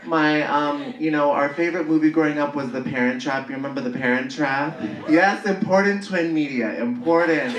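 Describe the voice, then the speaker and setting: A man from the Bay Area doing a live stand-up set, camp and animated, jumping into shrieking high voices for punchlines. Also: normal speed, dull audio. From San Francisco Bay Area. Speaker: stand-up comedian. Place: comedy stage before a laughing audience. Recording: echoey live room, mic heard from far off, clear crowd noise.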